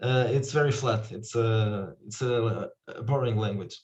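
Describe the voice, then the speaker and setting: A man from Portugal, a guest talking casually and pausing to search for words. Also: on the low side, a little mellow, muffled recording. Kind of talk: casual chat.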